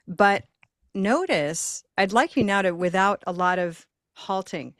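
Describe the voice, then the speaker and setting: A woman's voice: medium pitch, expressive, unhurried, no room sound, clean studio sound. A woman hosting a live online pronunciation lesson, patiently drilling words in counted rhythmic beats over a video call. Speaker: pronunciation teacher and host.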